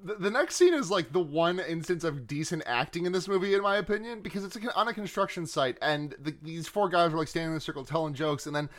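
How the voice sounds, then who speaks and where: A man co-hosting a podcast, retelling a film's scenes in casual, animated, profane chat. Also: on the high side, fast, few pauses. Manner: animated, swearing, laughs while retelling scenes. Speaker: podcast co-host. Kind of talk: casual movie review chat.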